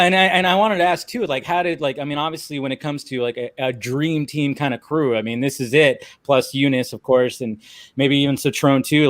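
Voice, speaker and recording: A man's voice: mid-range voice, no room sound. Chatty host guy rambling through his questions, mid voice, dry sound. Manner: rambling, full of "I mean" and "like". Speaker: stream host. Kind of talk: casual interview chat.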